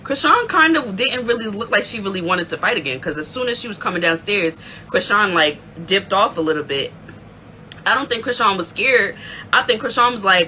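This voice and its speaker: A woman hosting a casual recap show, telling the story in an excitable, animated way. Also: medium pitch, a little fast, a little hiss or hum, low-quality recording. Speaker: aftershow recap host.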